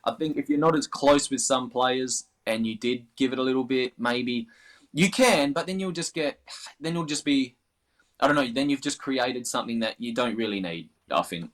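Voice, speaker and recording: A man's voice: mid-range voice, normal speed. An Australian man chatting casually as an interview guest, rambling with many restarts. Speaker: interview guest, darts player.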